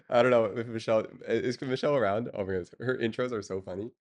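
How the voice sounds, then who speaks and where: A man's voice: mid-range voice, fast talker. A man streaming and chatting casually with his viewers, rambling with lots of fillers and chuckles. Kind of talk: casual chat.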